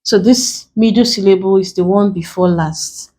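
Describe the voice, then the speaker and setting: A woman's voice: mid-range voice, moderate pace, warm tone, rough recording. A woman from Nigeria teaching an exam-prep English lesson, spelling out letters one by one and explaining each step. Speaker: English tutor.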